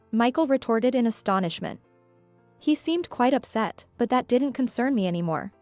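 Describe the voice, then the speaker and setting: A woman narrating a scripted first-person story in a calm, measured way. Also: fairly high pitch, dry recording. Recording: dry with faint music.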